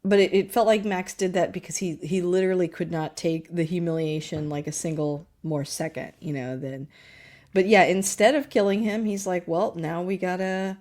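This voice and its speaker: Lower-voiced woman musing on a film. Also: fairly even intonation, normal speed, a little mellow. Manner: thoughtful, interprets characters' motives. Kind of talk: casual movie podcast chat.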